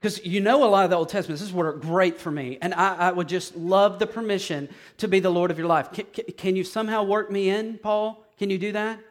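A man's voice: sits high, fairly even intonation, brisk, few pauses, natural voice. A preacher acting out a meek, apologetic man who stammers while asking permission. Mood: meek pleading. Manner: hesitant, stammering, overly polite.

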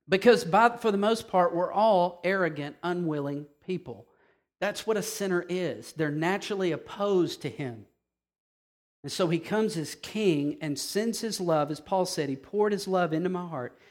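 A man with a notably high voice preaches in an animated, conversational way. He keeps checking in with his listeners by asking "okay?". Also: moderate pace. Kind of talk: sermon.

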